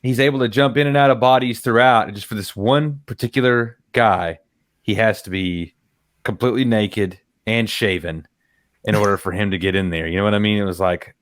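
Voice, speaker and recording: A man's voice: fairly low pitch, a little fast. A man co-hosting a movie review podcast, talking in a laid-back, joking casual way. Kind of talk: casual chat.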